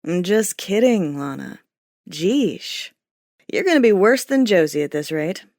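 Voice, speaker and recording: A woman's voice: fairly low pitch, lively intonation, unhurried, darkish tone, dry recording, clean studio sound. A woman voicing a suave, flirty male archangel who teases with a playful drawl. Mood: teasing. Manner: playful drawl, cowboy-style when joking.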